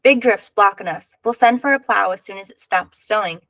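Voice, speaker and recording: Woman reading as a brisk train conductor, announcing, gravelly, storybook. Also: mid-range voice, fairly bright tone, dry recording, lightly acted. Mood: urgent.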